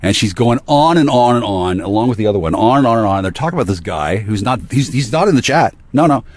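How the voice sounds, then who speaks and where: A man in a rambling solo monologue, ranting with heavy profanity and swinging between low muttering and sudden outbursts. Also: expressive, fast.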